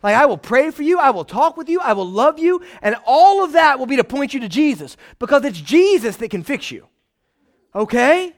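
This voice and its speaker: A pastor preaching a casual, animated sermon, often checking in with his listeners. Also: extremely high pitch, normal speed. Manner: conversational, animated, frequent "right?" asides.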